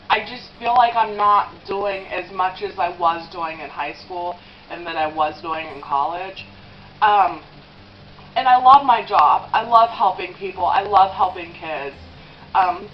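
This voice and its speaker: A woman in her twenties vlogs confessionally while eating, her mid-range voice recorded with the highs cut off and slight background noise. She rambles with many "um" and "like" fillers and becomes tearful at times.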